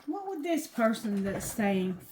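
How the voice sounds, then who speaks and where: A woman giving a casual tarot reading to her viewers, talking loosely and cursing, going quieter when she asks the cards. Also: on the high side, big pitch swings, unhurried, slight background noise, low-quality recording. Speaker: tarot reader.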